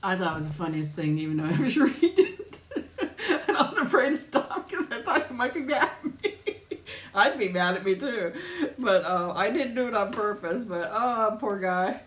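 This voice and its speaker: A woman chats with her viewers in a relaxed live stream, telling stories and breaking into laughter often. Her voice sits at a middle pitch. The sound is roomy, with the walls of a home room echoing back. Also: moderate pace. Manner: chatty storyteller, laughs often while talking. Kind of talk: casual live chat while eating.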